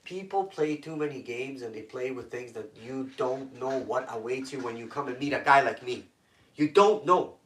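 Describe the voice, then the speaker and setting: A man's voice: mid-range voice, expressive, normal speed, a bit bright, distant mic. A man from Toronto telling intense personal stories as a guest, in blunt, profane street talk. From Toronto, Canada. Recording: echoey room, voice off-mic.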